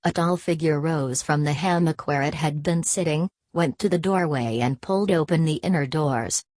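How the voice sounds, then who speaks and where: Low-voiced woman reading an audiobook. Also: normal speed, darkish tone, dry recording. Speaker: audiobook narrator. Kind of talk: scripted narration.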